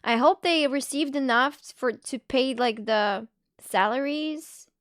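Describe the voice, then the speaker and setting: A woman streamer chatting casually on a live stream, giggly and quick with asides, leaning on "like" a lot. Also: high voice, a bit bright, no room sound, studio quality.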